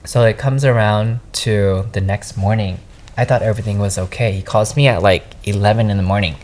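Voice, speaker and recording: A man's voice: lowish voice, fairly quick. A young man, a podcast guest, casually and animatedly retelling a personal story. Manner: animated, lively retelling, often says "I was like".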